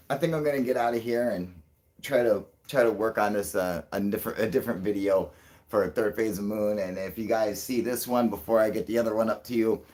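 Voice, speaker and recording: A man hosting a casual livestream, rambling and thinking out loud with lots of fillers, frequent swearing and chuckles. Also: fairly low pitch. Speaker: channel host.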